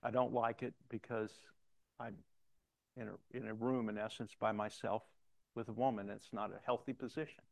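A man's voice: fairly low pitch, little pitch movement, moderate pace, creaky, dry recording. An older man preaching a sermon in a conversational storytelling way, mixing personal anecdotes with scripture references.

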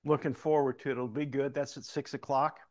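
A man's voice: mid-range voice, little pitch movement, brisk, a little mellow. A man in his sixties with a Southern-tinged Missouri accent, giving a folksy, anecdotal talk from the front of a church. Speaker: church leader.

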